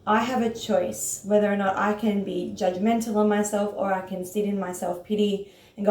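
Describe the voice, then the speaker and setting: Earnest, excitable woman in an echoey room. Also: medium pitch. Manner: excited, earnest, speeds up and slows down. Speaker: yoga teacher and author. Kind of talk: casual self-help talk to followers.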